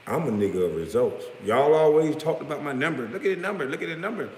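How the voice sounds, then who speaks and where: A man in his thirties ranting bluntly to camera, swinging from low mutters to loud outbursts. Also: animated, fast, slight background noise. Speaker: vlogger. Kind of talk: profane rant to camera. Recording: echoey room with long reverb.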